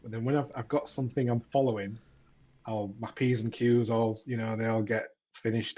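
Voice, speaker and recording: A man with a Yorkshire accent chats casually on a podcast, doubling back and repeating words as he goes. His voice is husky, and the recording sounds muffled and lo-fi. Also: mid-range voice, little pitch movement, moderate pace, warm tone. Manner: chatty, frequent restarts and repeated words. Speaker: podcaster and tech content creator.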